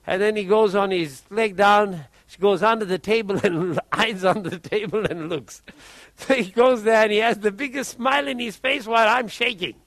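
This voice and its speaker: A man preaching, telling a testimony story in an animated way and often repeating his words. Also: high-pitched, normal speed, no room sound.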